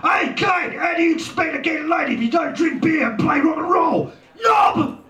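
A man voicing a boastful, rock-loving father in a comic story, loud and mocking. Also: on the high side, big pitch swings, slow pace, voice pushed up, heavily acted. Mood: mocking shout. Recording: roomy echo, distant mic.

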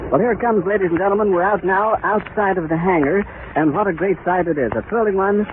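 A man's voice: sits high, fast talker. A man giving live on-scene radio commentary outdoors at an airfield, with flowery, emphatic description. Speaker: radio reporter. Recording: tinny 1930s radio archive with loud hiss.

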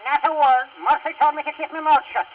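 Man playing sulky Irish drinker, very high and quick, old dull record. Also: fairly bright tone, a little hiss or hum.

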